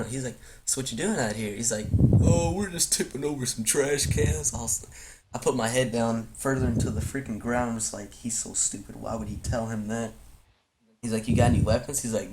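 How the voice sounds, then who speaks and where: A teenage man telling a story casually on a podcast, acting out the people he quotes. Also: heavy background noise. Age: teens. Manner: animated, acts out quotes in a high crying voice.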